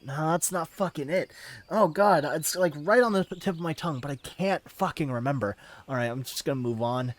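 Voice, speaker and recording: A man's voice: fairly high pitch, moderate pace. Man muttering casual game commentary. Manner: quiet, muttering, swears when frustrated. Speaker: gamer narrating his playthrough. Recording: clear background music.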